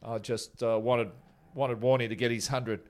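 A man's voice: mid-range voice, fairly even intonation, moderate pace, darkish tone. A man, a former cricketer who tells rambling, chuckling stories about an old teammate in a casual interview.

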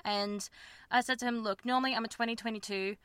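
Fast and steady, a young woman's slightly high, somewhat bright, clean voice carries her podcast with no room sound. As host she rambles frankly about her personal life, full of fillers and self-conscious laughs.

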